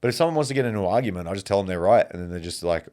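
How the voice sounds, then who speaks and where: A man hosting a podcast, telling stories in a casual, animated monologue and swearing freely. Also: sits low, very fast. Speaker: podcast host.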